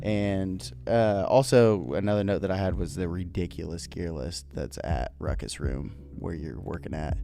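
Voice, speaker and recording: A man's voice: low-pitched, normal speed, gravelly, hardly any pauses. A man co-hosting a podcast in casual chat, laid-back and slangy with lots of fillers. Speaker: podcast co-host.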